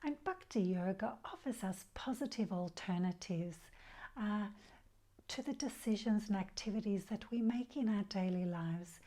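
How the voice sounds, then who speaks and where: A woman giving a gentle spiritual talk as a yoga teacher, speaking softly and unhurriedly and dropping into breathy whispers on key phrases. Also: medium pitch. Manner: soft, slow and unhurried, drops to breathy whispers on key words; leads a slow, soft group mantra chant.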